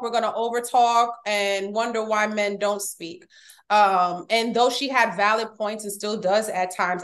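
A woman on a podcast, telling personal stories in an earnest, emphatic way. Her voice carries feeling and sometimes turns emotional. She speaks at a natural middle pitch. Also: fairly bright tone. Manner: heartfelt, emphatic, gets emotional. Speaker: podcast guest. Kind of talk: candid personal storytelling.

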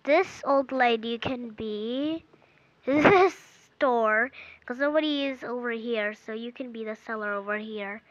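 A woman's voice: on the high side, takes it slowly, dry recording. A woman narrating casually over a mobile game, chatty and easily distracted, thinking aloud as she plays. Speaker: gameplay narrator. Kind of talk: casual game commentary with pretend play. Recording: dull lo-fi recording.

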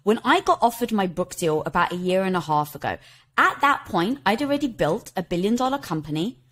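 A middle-aged woman, a podcast guest and author, telling stories with expressive energy, often laughing and quoting herself. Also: mid-range voice, brisk. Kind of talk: animated conversational storytelling.

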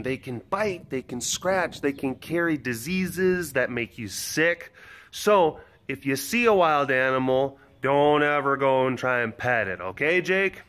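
Outdoors by the enclosures, a man who keeps big cats patiently fields preschoolers' questions in simple terms, calling each child by name. His voice sits on the high side and sounds a bit bright.

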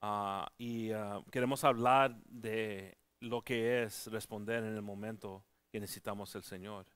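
Earnest, halting man preaching a sermon. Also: on the low side, fairly even intonation, a bit bright, clean tone, no echo. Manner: earnest, halting delivery with frequent restarts. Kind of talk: church sermon. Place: church service.

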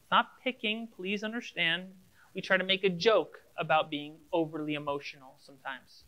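Bright-voiced man preaching conversationally. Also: high voice, clear, resonant tone. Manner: casual, addresses listeners directly, acts out imagined dialogues. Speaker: pastor. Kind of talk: conversational sermon.

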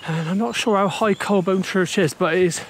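A man talks casually to camera as he hikes up a steep coastal footpath, chatty and a little out of breath at times. His voice sits somewhat high for a man. A faint hiss of wind and outdoor noise runs under it. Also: brisk. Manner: chatty, out of breath on uphill walk. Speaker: walking vlogger. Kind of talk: casual walking commentary.

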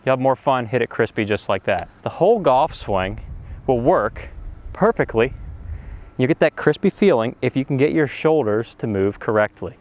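A man giving an energetic golf lesson on a practice range, talking with excitable enthusiasm and breaking into exclamations. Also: medium pitch, moderate pace. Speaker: golf instructor.

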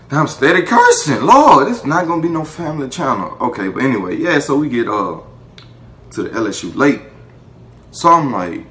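A young man telling a casual story to the camera, animated and profane, breaking into laughter. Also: medium pitch, brisk. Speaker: vlogger. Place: indoor room, seated before camera.

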